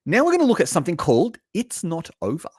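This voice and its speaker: A man hosts a casual live stream, talking straight to his viewers. His pitch swings freely up and down as he chats. The sound is dry and close, with almost no room around it. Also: fast talker, husky, no echo. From Australia. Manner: chatty, talks to chat viewers, lively asides. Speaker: livestream host reacting to trailers. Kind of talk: casual live reaction chat.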